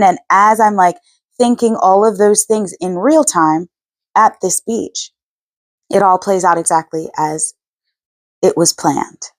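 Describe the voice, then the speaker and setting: A woman's voice: mid-range voice, takes it slowly, dry recording. A woman hosting her own channel, chatting earnestly about her spiritual experiences, rambling and correcting herself as she goes. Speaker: channel host. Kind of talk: casual spiritual vlog chat.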